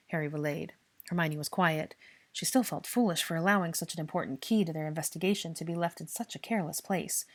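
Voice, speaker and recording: A woman reading a fan fiction story aloud in a steady, expressive narration. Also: low voice, fast talker.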